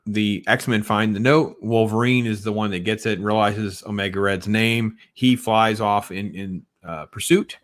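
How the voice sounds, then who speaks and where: A man with a lowish voice talks through a cartoon episode, clearly excited and wandering from point to point with plenty of fillers. The sound is dry and close, with no room around it. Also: no room sound. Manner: enthusiastic, rambling with many fillers. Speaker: show reviewer. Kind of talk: casual review commentary.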